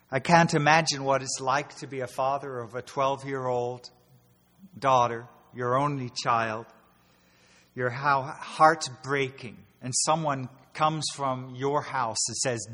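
A man preaching a sermon in an earnest, explanatory way, often pausing and restarting his phrases. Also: mid-range voice, a bit bright. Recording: reverberant hall.

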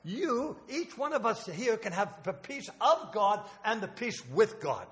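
A man's voice: sits high, very animated, a little slow, a bit bright. An older man preaching a sermon in a church, emotional and rambling, with restarts and asides. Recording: long hall reverb.

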